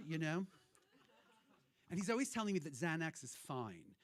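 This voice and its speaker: A man's voice: a little high, big pitch swings, brisk, a bit bright, no echo. A man hosting a cabaret show, talking to the audience in rambling, irreverent stage banter, swearing freely. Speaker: cabaret host and performer. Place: hotel cabaret room.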